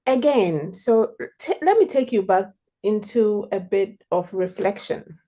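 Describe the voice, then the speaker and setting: Woman host, mellow warm tone, encouraging and measured questions. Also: mid-range voice, animated. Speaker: interview host. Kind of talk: interview questions.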